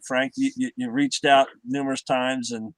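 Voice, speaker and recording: A middle-aged man chatting casually as a guest, halting and repeating his words as he tells stories. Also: mid-range voice, flat delivery. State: recovering from heart surgery. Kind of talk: casual chat.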